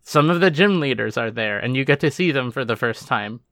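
A man with a bright, crisp voice chats casually as a podcast co-host. He rambles, often trailing off and restarting mid-sentence. His voice sounds dry and close to the mic, with no room echo. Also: medium pitch, animated, a little fast. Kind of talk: casual chat.

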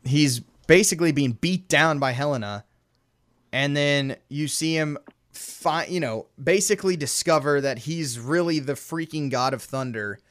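Animated man, fairly high voice. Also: unhurried. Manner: animated, laughs often, acts out movie lines. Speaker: podcast co-host. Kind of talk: casual chat.

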